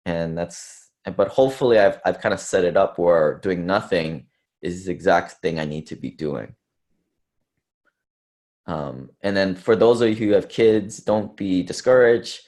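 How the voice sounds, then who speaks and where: A man's voice: low-pitched, darkish tone. A man speaking casually at an investor conference, rambling with fillers and self-deprecating asides. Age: under 30s to early 40s. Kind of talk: casual presentation talk.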